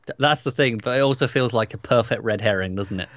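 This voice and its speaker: A man's voice: medium pitch, quick pace, fairly bright tone, no room sound. A man co-hosting a TV review show, chatting casually with thoughtful, analytical asides. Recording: dull lo-fi sound.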